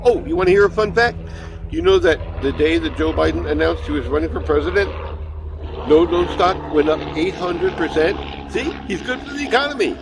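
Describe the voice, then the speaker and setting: A man's voice: a little high, brisk, noisy background. A man doing a rambling comedy monologue, full of stammered restarts and jokey asides.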